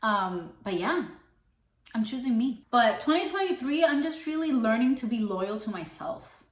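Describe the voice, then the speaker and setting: A woman's voice: fairly high pitch, very animated, normal speed. Emphatic woman in an echoey room. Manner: emphatic and sassy, repeating affirmations. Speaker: podcast host. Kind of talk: motivational self-help monologue.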